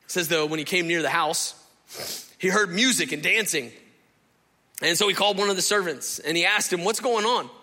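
Animated preacher in a reverberant hall. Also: male voice, sits high, a little fast, pauses often. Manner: animated, conversational, acts out the people he describes. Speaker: pastor. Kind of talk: sermon. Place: church sanctuary.

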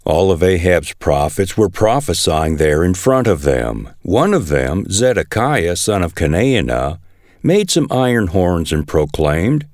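A man reading scripture aloud in a measured, expressive way. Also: deep voice, no echo, studio quality. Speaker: scripture reader.

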